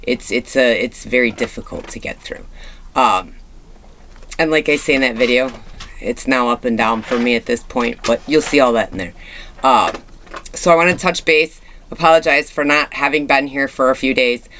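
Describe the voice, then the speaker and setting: A woman's voice: extremely low pitch, moderate pace, a bit bright, slight background noise. A woman in her thirties talking casually in a personal vlog, chatty and candid, with many fillers and restarts. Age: 30s. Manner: candid and reflective. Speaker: vlogger.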